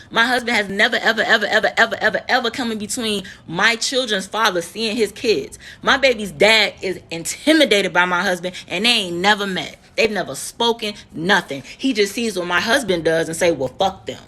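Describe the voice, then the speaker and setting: A nurse in her thirties from the United States tells her viewers a heated, profane story in an emotional storytime vlog, repeating words for emphasis. Her voice is a little high, with a sharp tone.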